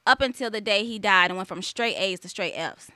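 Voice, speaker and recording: A woman's voice: medium pitch, a little fast, sharp tone, dry recording, clean studio sound. A woman hosting a talk radio show, telling personal stories candidly in a casual chat. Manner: candid, emotional personal storytelling. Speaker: host. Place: studio.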